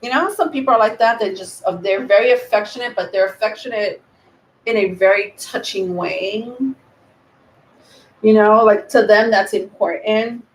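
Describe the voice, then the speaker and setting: A woman giving a live tarot reading, rambling and thinking aloud with many pauses and ums. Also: medium pitch. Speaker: tarot reader. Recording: roomy echo.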